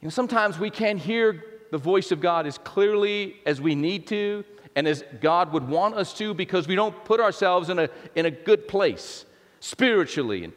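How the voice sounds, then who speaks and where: A man's voice: sits high, lively intonation, normal speed. A man preaching a sermon in a church, in a conversational style with many restarts and playful asides. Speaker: pastor. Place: church sanctuary. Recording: long reverb in a large hall.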